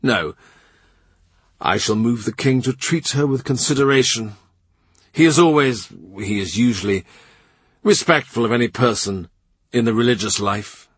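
A man voices a calm, shrewd older statesman who speaks low and soft, measured and dryly amused. The tone is husky and close, and he sits a little below the narration. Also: no room sound, natural voice.

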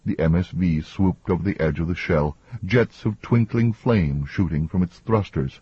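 A man reads an audiobook in an even, measured way. His voice is very low and deeply husky, almost breathy. The recording is close and dry, with a slightly dull top end. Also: no room sound. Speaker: audiobook narrator. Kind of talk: scripted narration.

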